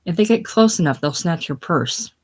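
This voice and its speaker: A woman reading the lines of a proud, imperious aging male adventurer, with commanding, forceful delivery. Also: fairly low pitch, animated, moderate pace, husky.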